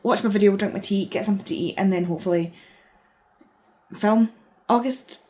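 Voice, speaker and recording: A woman in her thirties, chatting casually and excitedly in a rambling way as a book vlogger, sounding tired. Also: mid-range voice, fairly quick, background noise. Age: 30s. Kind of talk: casual vlog chat.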